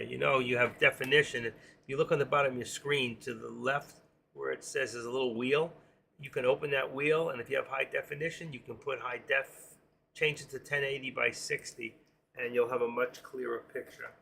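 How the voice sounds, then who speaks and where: Gravelly New York man chatting on a live stream. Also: mid-range voice, steady tone, brisk, sharp tone, slight background noise. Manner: rambling, chatty, reads viewer comments aloud. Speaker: stock trading live streamer. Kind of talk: casual live-stream chat.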